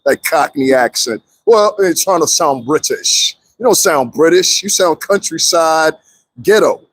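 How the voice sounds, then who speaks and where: Man talking on a live stream, husky voice, lively pitch, direct to viewers, slightly high. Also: a little slow, dry recording. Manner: animated, talks straight to viewers, frequent laughs. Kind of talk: casual live-stream commentary.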